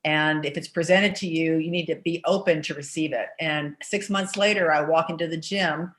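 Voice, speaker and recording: A woman in her sixties, an interview guest, telling her story in a chatty, energetic way with many "you know" fillers. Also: low voice, moderate pace. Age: 60s.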